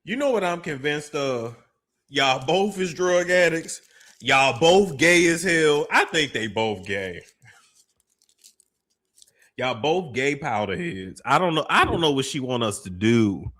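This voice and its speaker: Animated high-voiced male commentator. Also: takes it slowly. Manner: animated, laughing, profane, incredulous. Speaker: show host and commentator. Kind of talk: reaction commentary.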